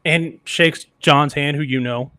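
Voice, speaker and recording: A man's voice: on the high side, a little slow, no room sound. Upbeat man telling a sports story. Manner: animated anecdotes, acts out quoted voices. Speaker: radio engineer, podcast guest. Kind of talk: casual storytelling.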